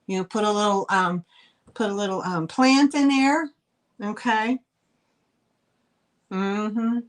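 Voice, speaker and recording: Middle-aged woman, live sale host; unhurried, chatty, rambles and laughs, mid-pitched voice. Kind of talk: casual live-stream selling chat.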